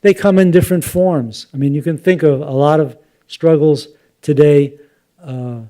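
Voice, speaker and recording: An older man giving a relaxed academic lecture, thoughtful and unhurried, with fillers and asides. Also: fairly high pitch. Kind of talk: public lecture with slides.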